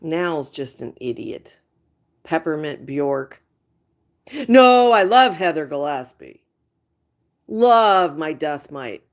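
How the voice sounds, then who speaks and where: Slow-talking woman chatting on a livestream. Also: low-pitched, sing-song. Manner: chatty, gossiping, exasperated asides. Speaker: livestream host chatting with viewers. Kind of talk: casual live-stream chat.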